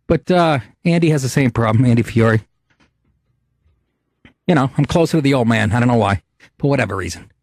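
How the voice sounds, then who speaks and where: A man's voice: on the high side, no echo, clean studio sound. A middle-aged man hosting a podcast, telling a profane, indignant comedic story in a rant. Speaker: podcast host.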